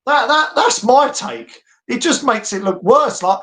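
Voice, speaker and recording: A man's voice: very high voice, lively intonation, unhurried, a bit bright. A British man ranting animatedly as co-host of a casual boxing podcast, laughing often.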